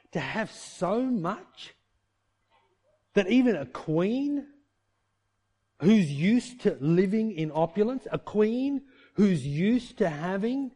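High-voiced man preaching. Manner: conversational preaching with rhetorical questions; animated, shifting pace for emphasis. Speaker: pastor. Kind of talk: sermon.

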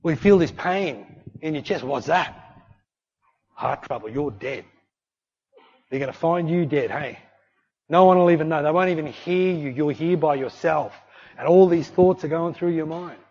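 A man preaching a sermon in a conversational, animated way, acting out little voices in his stories. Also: on the high side, moderate pace, gravelly, long pauses. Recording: dull lo-fi recording.

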